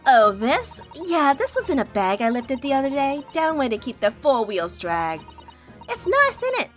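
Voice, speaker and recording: A woman's voice: sits high, huge pitch swings, normal speed, faint music behind, voice pushed up. A woman voicing a cocky young female pickpocket in a game, with brash, slangy street talk. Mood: cheeky.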